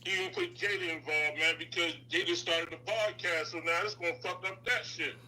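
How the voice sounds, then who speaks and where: A man's voice: fairly high pitch, fairly even intonation, fairly quick, bright, forceful tone, poor audio. A man from Baltimore with a Baltimore accent, calling in by phone and chatting in a laid-back, slangy, profane way. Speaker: caller. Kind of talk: casual phone-in chat. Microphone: phone call.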